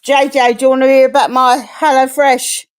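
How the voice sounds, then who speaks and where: A woman's voice: high-pitched, flat delivery, moderate pace, clean tone. A middle-aged woman from England in casual chat on a live stream, frank and chatty, swearing freely.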